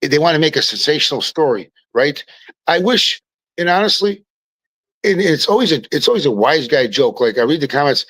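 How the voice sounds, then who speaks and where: A man, a podcast guest telling stories in casual chat, animated and often restarting his words. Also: on the high side, a little fast, no echo, rough recording.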